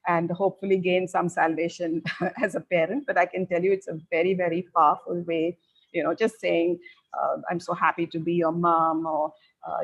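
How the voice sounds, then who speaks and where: This is a woman talking parents through their teenagers' changes. Her voice sits a little low. She is middle-aged, and she explains in a calm, advisory way with frequent pauses. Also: gravelly, low-quality recording. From India. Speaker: parenting educator.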